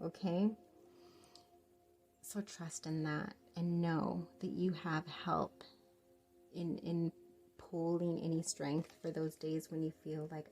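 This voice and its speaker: A woman giving a pick-a-card tarot reading straight to the viewer, gentle and reassuring, calling them "love". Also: lowish voice, steady tone, a little slow, creaky, soft background music. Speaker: tarot reader.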